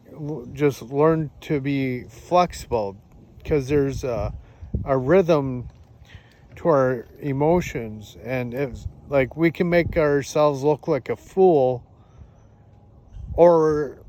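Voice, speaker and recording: A man talking to the camera in a casual, halting way, with many fillers and restarts, outdoors in the countryside. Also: mid-range voice, darkish tone, a little hiss or hum. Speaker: vlogger. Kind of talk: casual spoken reflection.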